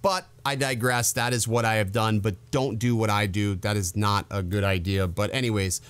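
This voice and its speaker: A man's voice: fairly low pitch, steady tone, normal speed, fairly bright tone, smooth. Candid, conversational male gear reviewer. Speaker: drone channel host. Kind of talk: casual product review vlog.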